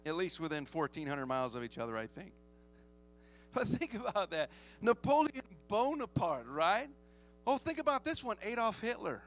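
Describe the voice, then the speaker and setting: A man's voice: high-pitched, big pitch swings, moderate pace, fairly bright tone, faint music behind. A man preaching a sermon as pastor, joking often and calling for amens from the congregation.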